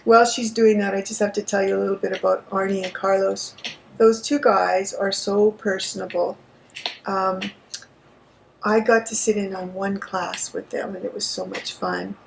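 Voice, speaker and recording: A woman's voice: mid-range voice, level tone, normal speed, gravelly, a little hiss or hum, rough recording. A woman with a Canadian accent, co-hosting a podcast and telling stories with enthusiasm. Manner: enthusiastic storyteller. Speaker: podcast co-host, yarn shop owner. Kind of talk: casual chat.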